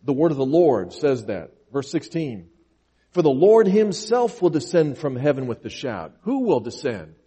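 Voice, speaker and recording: A man's voice: mid-range voice, sing-song, normal speed, dark tone, breathy edge. A man preaching a sermon, reading scripture aloud and driving his points home with earnest, emphatic repetition. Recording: long reverb of a large hall.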